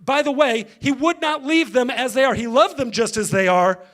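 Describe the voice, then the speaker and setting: A man's voice: very high-pitched, moderate pace, a bit bright. A male pastor giving a conversational sermon, engaging the congregation directly.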